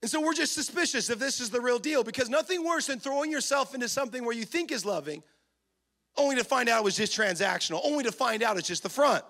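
A man preaching a sermon in a church, animated, acting out little scenes and shouting for emphasis. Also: very high voice, fast talker. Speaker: pastor.

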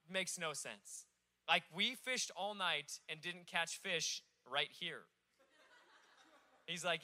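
A man from Alaska preaching from a stage, telling the story in an animated, joking way. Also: high voice, unhurried. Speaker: pastor. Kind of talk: sermon.

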